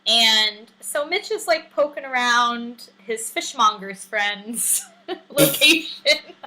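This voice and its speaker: A woman's voice: on the high side, animated, slow, sharp tone, a little hiss or hum, rough recording. A woman co-hosting a podcast, chatting casually and animatedly with lots of fillers and laughs. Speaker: podcast co-host. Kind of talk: casual recap chat.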